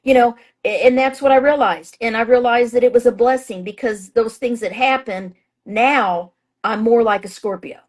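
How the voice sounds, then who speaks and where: A woman with a voice pitched a little high talks as a guest astrologer in a relaxed interview. She speaks in a chatty, emphatic way, restarting sentences and filling pauses as she goes. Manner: acts out her own past thoughts in a raised voice. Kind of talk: casual interview talk.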